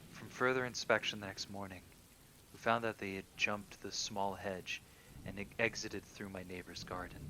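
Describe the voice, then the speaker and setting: A man with a lowish voice that has a crisp, bright edge reads true horror stories in a calm, understated way. He often sinks into hushed near-whispers at the tense moments. Soft rain patters faintly in the background. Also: normal speed, a little hiss or hum. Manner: calm, low-key reading that drops into hushed near-whispers. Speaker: horror story reader. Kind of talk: reading listener-submitted true horror stories.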